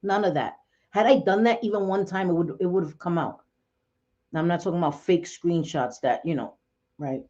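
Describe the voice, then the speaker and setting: A woman's voice: on the low side, moderate pace, highs cut off. Blunt, profane woman livestream host. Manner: blunt, profane, excitable, laughs often. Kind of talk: casual livestream chat.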